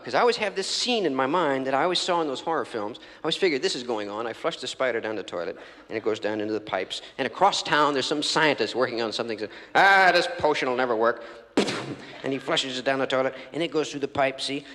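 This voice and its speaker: A man's voice: on the high side, pushed and bright, a little hiss or hum. A man doing a live stand-up routine, rambling through stories and acting out scenes on a theatre stage. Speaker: stand-up comedian. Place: large theatre stage before an audience. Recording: reverberant live theatre recording from 1984.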